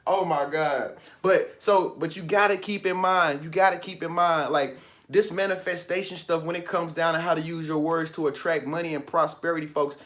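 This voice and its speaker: An animated man hosts a motivational talk in a slightly higher-than-usual voice. He preaches in loose, colloquial speech and often breaks into laughter. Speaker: motivational video host.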